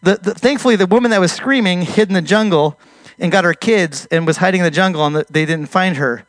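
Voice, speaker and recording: A man telling a missionary testimony story in an animated way, restarting his sentences and raising his voice at the tense moments. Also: sits high, fast talker, dry recording.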